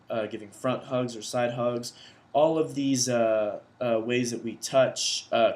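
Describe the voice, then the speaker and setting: Young man explaining class vocabulary aloud. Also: medium pitch. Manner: loose, conversational, thinks aloud as he explains. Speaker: education student presenting vocabulary. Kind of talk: recorded class assignment explanation. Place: indoors at a computer.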